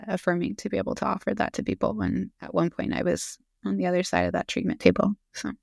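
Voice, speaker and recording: A woman's voice: fairly low pitch, sing-song, fast, vocal fry, few pauses, darkish tone, no echo, studio quality. A woman in her thirties, a physician assistant, talking openly and earnestly as a podcast guest, with frequent fillers. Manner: earnest and open, with fillers and laughs. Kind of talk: casual interview conversation.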